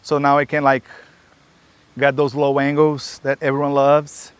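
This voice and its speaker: A man with a mid-range voice vlogs as he skates through an outdoor park, speaking in a totally flat, unhurried way with slight background noise. He's a skate builder who rambles off topic, out of breath and chatty, breaking into his own asides. His camera is either held in hand or strapped to his body.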